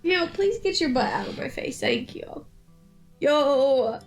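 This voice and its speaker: A woman's voice: sits high, lively intonation, slow, faint music behind. A woman streaming a game in casual chat, gushing in baby-talk and laughing often.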